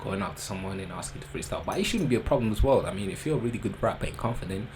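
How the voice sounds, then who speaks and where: A man chatting through a reaction video in a low-ish voice, loose and joking. Clear background noise runs under his talk. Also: expressive, racing, a little mellow, poor audio. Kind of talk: casual commentary.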